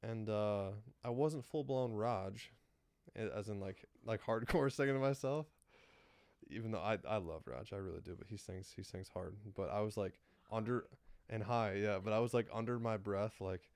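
A man's voice: fairly low pitch, normal speed, darkish tone, clean tone, dry recording, studio quality. A young man co-hosting a podcast in casual chat, rambling with lots of fillers and frequent laughs. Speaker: podcast co-host.

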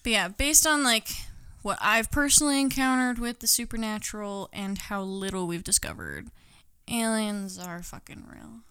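A woman's voice: mid-range voice, moderate pace, pushed and bright, smooth, no echo, studio quality. A woman co-hosting a casual podcast chat, giggly and full of "like" fillers. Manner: giggly, filler-heavy, says "like" often. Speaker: podcast co-host.

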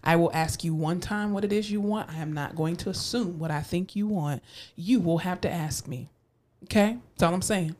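A woman's voice: fairly low pitch, normal speed, darkish tone. A woman with a South Florida accent co-hosting a podcast, talking in a sassy, emphatic way with a slight drawl. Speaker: podcast co-host. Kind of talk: casual chat.

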